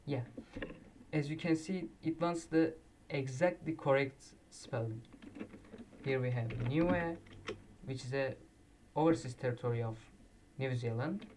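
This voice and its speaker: Man, quiz video commentary, halting self-corrections, distant mic. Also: mid-range voice, noisy background. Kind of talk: casual commentary while playing a flag quiz. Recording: distant mic with loud keyboard typing. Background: keyboard clicks and typing.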